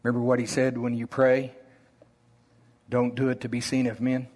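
A man preaching a sermon in a slow Oklahoma drawl, deliberate and conversational. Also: mid-range voice, completely flat delivery, a little mellow.

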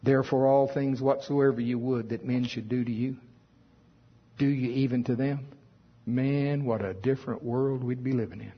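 A man's voice: mid-range voice, fairly even intonation, moderate pace, breathy edge, highs cut off. A man preaching a sermon with emphasis, reading scripture aloud in old wording. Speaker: pastor.

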